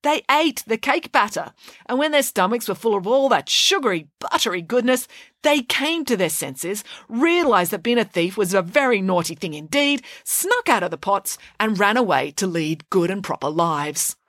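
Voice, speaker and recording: A woman's voice: medium pitch, very animated, moderate pace, a bit bright, dry recording, voice pushed up. A glamorous, self-assured pig nanny, played by a woman storyteller, grand and emphatic, her voice rising and falling with relish. It is a dry, close recording.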